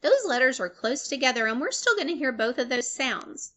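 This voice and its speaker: A young adult woman teacher giving a recorded phonics lesson to young children, breaking words into sounds and syllables clearly and encouraging them. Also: on the high side, very animated, a little fast, few pauses, fairly bright tone.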